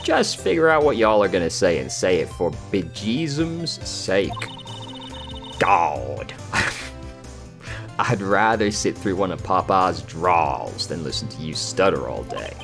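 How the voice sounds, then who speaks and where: A man's voice: sits low, big pitch swings, takes it slowly, gravelly, over music, full character voice. A man voicing a brash, scolding woman photographer with an attempted Southern US drawl.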